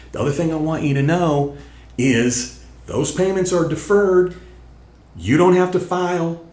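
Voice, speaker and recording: A middle-aged man hosting a tax channel, talking straight to viewers in an emphatic way that repeats his points, while still getting over an illness. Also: medium pitch. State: recovering from illness. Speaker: tax educator and channel host. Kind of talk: casual direct-to-camera talk. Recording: echoey room.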